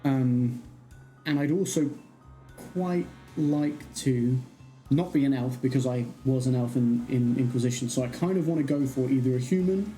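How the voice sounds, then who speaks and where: A streamer chatting casually on a livestream, rambling and thinking out loud. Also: mid-range voice, moderate pace, faint music behind, poor audio.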